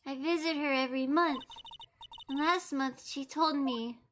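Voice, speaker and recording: A woman's voice: high voice, unhurried, a little hiss or hum, voice pushed up. A woman voicing an earnest, timid little girl while reading game dialogue aloud, in a small, sincere, childlike delivery. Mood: sad. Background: lofi background music.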